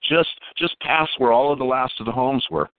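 A man calling in to tell a long personal story, halting and repeating words as he goes. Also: medium pitch, dry recording. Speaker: caller telling a Bigfoot encounter. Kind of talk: casual storytelling on a call. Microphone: phone. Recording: tinny dry phone line.

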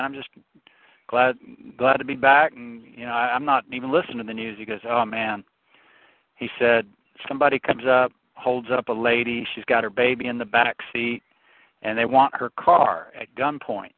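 A man's voice: mid-range voice, dry recording. A man on a talk show, ranting passionately about politics and telling stories with frequent restarts. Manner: impassioned, storytelling, frequent restarts. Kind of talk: opinionated political rant. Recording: tinny phone-like, dry sound.

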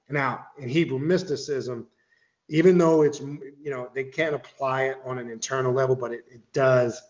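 A man's voice: mid-range voice, reverberant, dull audio. A man explaining occult ideas in casual talk, rambling with restarts and the odd curse word. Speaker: occult author guest.

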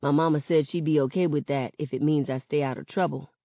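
Lady reading as chill teen boy, low-ish voice, slangy and laid back, kinda muffled. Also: fast, dry recording. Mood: easygoing. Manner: relaxed slangy speech. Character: teenage boy, easygoing and soft-spoken.

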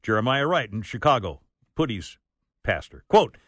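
A man's voice: mid-range voice, big pitch swings, normal speed, a bit bright, slightly rough, dry recording. A man hosting a talk radio show, brash and joking, laughing often, speaking on a studio microphone.

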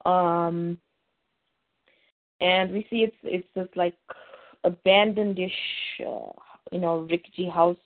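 A woman co-host describes a scene from a show at an unhurried pace, pausing often on fillers. Her voice comes through a narrow, phone-like line. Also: lowish voice, steady tone. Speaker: podcast co-host. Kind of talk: casual recap, reading out scenes. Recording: tinny phone-like audio.

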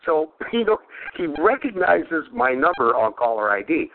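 High-voiced, rambling man on a tinny line. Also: sing-song, moderate pace, a little hiss or hum. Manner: rambling, laughs often, crude. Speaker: podcast host. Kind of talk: casual chat. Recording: phone-like lo-fi sound.

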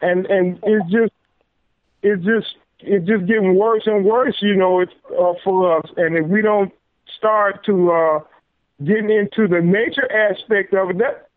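Guest on a call-in show: high-pitched man, halting and repetitive, tinny dry phone line. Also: dry recording. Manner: halting, repeats words while making a point. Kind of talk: casual discussion.

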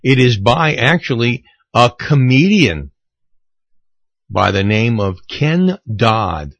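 Slow-talking radio host man. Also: mid-range voice, very animated, husky, no room sound. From United States. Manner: chatty, unhurried, self-deprecating. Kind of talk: oldies radio show hosting.

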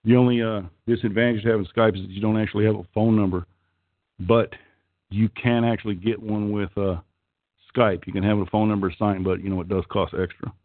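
A man's voice: fairly low pitch, steady tone, brisk, no room sound. A middle-aged man with an Okie accent hosting a casual call-in chat, crude, profane and rambling. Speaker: call-in show host. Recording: tinny phone-like call line.

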